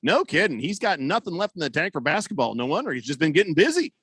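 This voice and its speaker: A man's voice: a little high, big pitch swings, fast talker, a bit bright, husky, no echo. A man hosting a sports radio show, chatting casually and reading listener messages in a rambling, wry way. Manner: rambling, self-correcting, wry. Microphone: studio broadcast mic.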